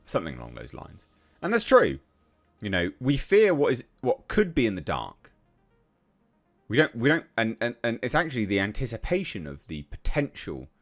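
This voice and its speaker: Scornful English man ranting, lively pitch. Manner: reads passages aloud then reacts with blunt, profane scorn. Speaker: online commentator. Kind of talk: ranting commentary on a news article.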